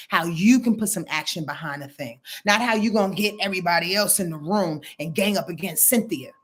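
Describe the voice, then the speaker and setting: A woman astrologer giving a casual weekly rundown, blunt and profane, talking straight to her viewers and swinging between loud and low.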